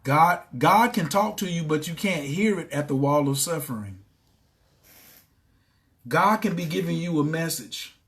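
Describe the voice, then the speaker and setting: High-voiced preachy man. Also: a little slow. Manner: preachy, repetitive, bursts into excited shouting. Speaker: self-help coach. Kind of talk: motivational livestream talk.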